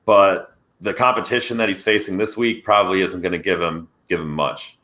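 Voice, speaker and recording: Man with a low, bright voice. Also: fairly quick. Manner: energetic, conversational football analysis. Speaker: podcast co-host. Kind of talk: casual sports podcast discussion.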